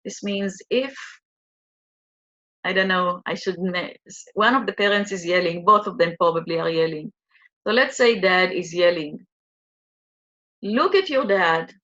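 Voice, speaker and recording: Slow, soothing woman guiding a tapping exercise. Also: on the low side, fairly bright tone, muffled recording. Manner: slow, soothing, repetitive guidance. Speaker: EFT tapping coach.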